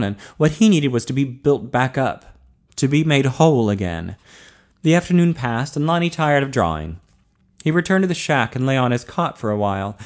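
A man reading an audiobook as narrator, in a steady, measured voice. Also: medium pitch.

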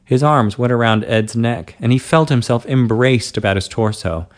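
A man reading an adult story aloud at a steady, unhurried pace. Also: medium pitch. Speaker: narrator.

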